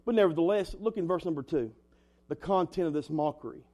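A man's voice: on the high side, expressive, brisk, warm tone. A young man preaching an earnest, emphatic sermon as a pastor, in a folksy way. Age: young adult.

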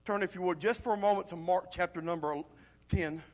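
A male pastor preaching an animated sermon, swinging from loud emphasis to quiet intensity. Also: sits high, brisk.

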